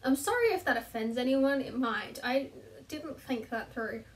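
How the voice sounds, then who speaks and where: A woman's voice: sits high, animated, normal speed, recorded from a distance. A young woman chatting casually to camera from her bedroom floor, self-deprecating and laughing at herself. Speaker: vlogger. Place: bedroom, sitting on the floor between two beds.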